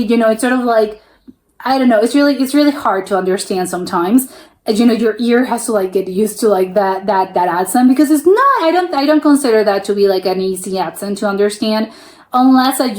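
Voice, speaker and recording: A woman's voice: a little high, darkish tone. An American woman hosting a reaction video, musing aloud in a chatty, rambling way with many restarts. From United States. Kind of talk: casual reaction commentary.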